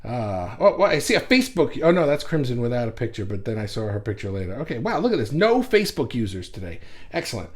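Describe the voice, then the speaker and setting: A livestream host with a medium-pitched voice talks quickly, loudly, and with animated energy about acceptance. He greets viewers by reading their comments aloud into a desk mic set well back from him, with no pop shield.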